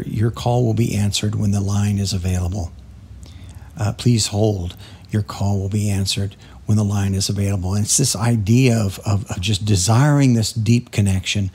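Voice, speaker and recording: A man hosting a music podcast, talking casually about composing his own songs, halting with many fillers and restarts. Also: fairly low pitch, creaky, a little mellow, breathy edge.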